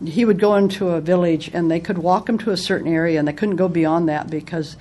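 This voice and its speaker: A woman's voice: lowish voice, fairly quick, mellow, a little hiss or hum. A woman giving a casual spoken book review, retelling its anecdotes in a conversational way.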